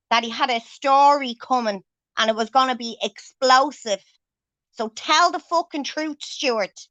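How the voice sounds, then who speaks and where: A woman's voice: high-pitched, a bit bright, no room sound, highs cut off. A woman hosting a livestream, ranting angrily and swearing heavily as she confronts someone. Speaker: livestream host. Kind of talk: angry livestream rant.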